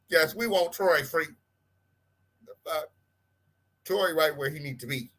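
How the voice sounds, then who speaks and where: A man hosting a live-stream gossip show, calling out viewers with sassy, flamboyant shout-outs and big swoops in pitch. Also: moderate pace. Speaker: livestream host.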